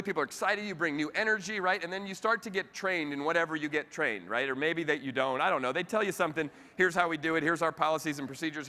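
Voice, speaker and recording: A man giving a lively motivational keynote talk, chatting directly with the audience at a convention. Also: fairly high pitch. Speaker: keynote speaker. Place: convention hall with live audience. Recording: reverberant convention hall.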